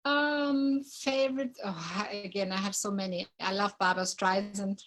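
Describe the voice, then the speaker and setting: A woman's voice: medium pitch, slight background noise, rough recording. A woman from Germany with a German accent, chatting as a guest in an interview and searching for her words. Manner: relaxed, halting, searching for words. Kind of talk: casual interview chat.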